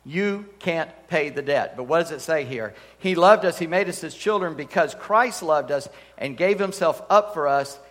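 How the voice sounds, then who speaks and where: A man's voice: a little high, fairly bright tone. A man preaching a sermon in a church hall, telling stories with emphatic energy and humorous asides. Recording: long hall reverb.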